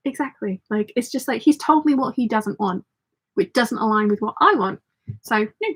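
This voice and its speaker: A woman hosting a casual sewing livestream, chatty and reading viewer comments aloud, her voice slightly croaky. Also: on the high side, lively intonation, normal speed, fairly bright tone. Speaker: sewing channel host.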